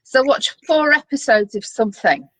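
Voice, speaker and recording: A woman's voice: high voice, animated, normal speed, no room sound, rough recording. A woman co-hosting a casual web show, chatting in a rambling way with plenty of fillers. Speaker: co-host.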